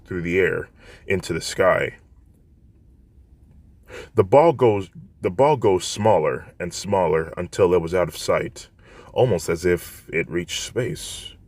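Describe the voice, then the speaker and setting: A man's voice: sits low, no echo. A man narrating a fan fiction story in a plain, unpolished storytelling way, with frequent restarts.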